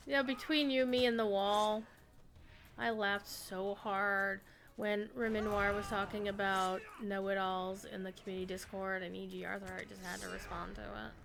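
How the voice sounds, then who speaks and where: Bright chatty woman streaming a game. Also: mid-range voice, level tone, moderate pace, gravelly. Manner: chatty, talks to her pets and chat. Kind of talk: casual gameplay commentary.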